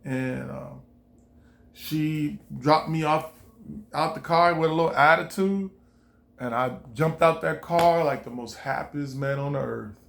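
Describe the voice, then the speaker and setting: Gravelly man rambling through a story. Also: fairly high pitch, slow. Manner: rambling, repetitive, quoting himself. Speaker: vlogger. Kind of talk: casual storytelling.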